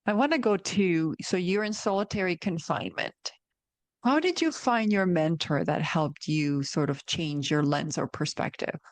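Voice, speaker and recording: A woman's voice: fairly low pitch, expressive, moderate pace, no echo. Reflective woman host, dry sound. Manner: reflective, encouraging questions. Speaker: interviewer, channel host. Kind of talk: interview.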